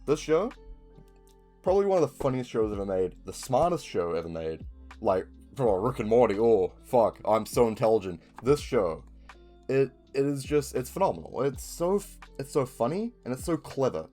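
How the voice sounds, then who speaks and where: A young video creator with a New Zealand accent talks at a moderate pace in a very animated, mid-range voice with a dark tone, over faint music. His casual chat rambles, full of ums and curse words.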